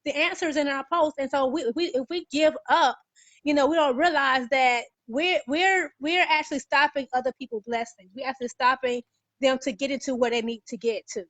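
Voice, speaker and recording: A woman with a high voice shares her testimony earnestly, stopping and restarting as she goes. Her voice sounds close and dry. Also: steady tone, a bit bright, dry recording. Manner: earnest, halting, many "you know" fillers. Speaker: guest giving a testimony. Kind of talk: casual faith-filled testimony.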